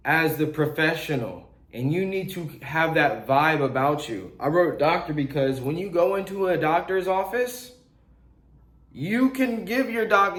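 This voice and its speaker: Young guy teaching real estate calls, kinda high voice, blunt and slangy, echoey room. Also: a bit bright. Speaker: real estate wholesaling coach. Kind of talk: casual teaching talk to camera.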